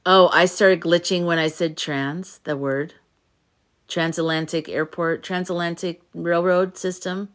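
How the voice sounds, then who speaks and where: Tired lady on a livestream reading chat comments out loud, kinda low voice, just chatting away. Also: fairly even intonation, measured pace. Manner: chatty, reads viewer comments aloud and reacts. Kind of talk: casual live-stream chat.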